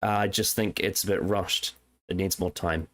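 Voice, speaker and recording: Low-voiced, hesitant podcast co-host. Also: male voice, steady tone, normal speed. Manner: hesitant, restarts often when giving opinions. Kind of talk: casual podcast chat.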